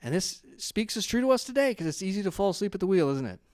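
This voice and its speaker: A young adult man pastor preaching a sermon in a conversational, storytelling way, laughing often and growing loud and animated in his stories. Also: sits high, fast talker, no room sound, clean studio sound. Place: church.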